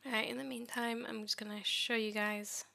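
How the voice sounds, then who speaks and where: High-pitched gravelly woman muttering at her code, fed up with the ai tool. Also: level tone, fairly quick. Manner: exasperated, talking back at the software. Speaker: tech vlogger. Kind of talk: screen-recorded coding commentary.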